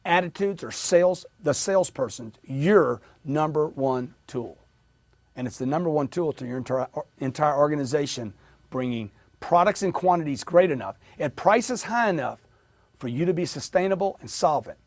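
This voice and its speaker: Energetic male sales coach, slightly high-pitched, punchy repetition, dry recording. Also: normal speed, no room sound. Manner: energetic, emphatic, drills audience with repetition. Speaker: sales trainer. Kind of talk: motivational sales training talk.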